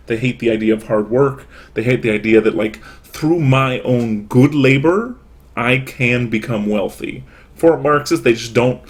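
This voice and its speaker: A man lecturing in a casual, chatty way, asking himself rhetorical questions and answering them. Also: mid-range voice.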